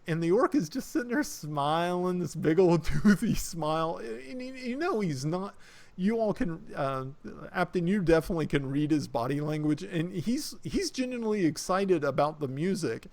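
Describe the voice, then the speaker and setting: A man's voice: sits high, expressive, moderate pace, gravelly, a little mellow. A man narrating as game master of a tabletop game, hesitant, with many fillers and restarts.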